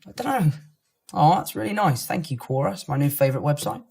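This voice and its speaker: A man's voice: on the high side, animated, quick pace, creaky, darkish tone, soft background music. A man with a London accent, chatting casually and joking as he answers fan comments about himself. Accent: London English. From London, England. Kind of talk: casual chat reacting to online comments.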